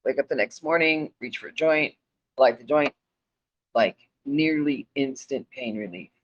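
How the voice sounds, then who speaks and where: A woman's voice: a bass voice, unhurried. A woman telling a personal story in a casual, profane and blunt way, often laughing. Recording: dull lo-fi recording.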